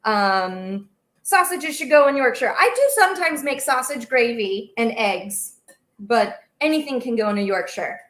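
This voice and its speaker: A woman's voice: fairly high pitch, expressive, a little slow, fairly bright tone, reverberant. Chatty woman hosting a baking livestream. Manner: chatty, rambling, reads out viewer comments. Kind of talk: casual live-stream chat while cooking. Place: home kitchen.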